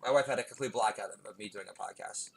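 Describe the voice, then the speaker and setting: A man hosting a comedy podcast, telling a digressive, self-deprecating story with bursts of loud emphasis. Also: fairly low pitch, fast talker, vocal fry, slightly rough, poor audio. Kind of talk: rambling comic monologue.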